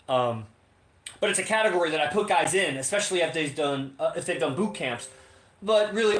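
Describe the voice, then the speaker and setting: A man's voice: fairly high pitch, a bit bright. A man co-hosting a podcast, talking in a rambling, profane, casual livestream monologue full of fillers, from his home. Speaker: podcast co-host. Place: home in Las Vegas. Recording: roomy echo.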